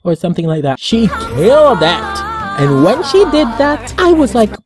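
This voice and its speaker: A cartoon review host in an excited casual vlog, gushing and dramatic, sassy, calling people honey and swooping high when excited. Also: normal speed, music in the background.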